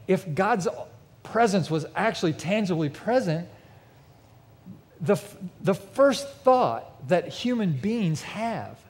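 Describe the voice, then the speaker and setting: In this sermon, a pastor tells stories vividly and emphatically, his darkish voice pitched a little high for a man. A big church hall with a mezzanine gives the sound a long reverb.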